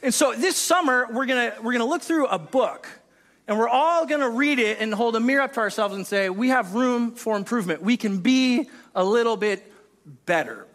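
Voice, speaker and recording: A man's voice: very high voice, animated, normal speed, a bit bright, long reverb tail. A man preaching a conversational sermon to a congregation, chatty and self-deprecating, with joking asides. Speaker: pastor. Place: church service with a congregation.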